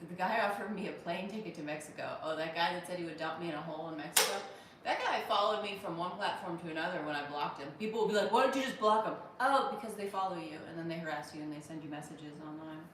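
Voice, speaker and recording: A woman's voice: on the low side, quick pace, a bit bright, recorded from a distance, slight background noise. An American woman in her thirties hosting a casual livestream, joking and thanking viewers by name in a wry tone. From United States. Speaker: livestream host reading viewer comments. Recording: roomy echo from off-mic.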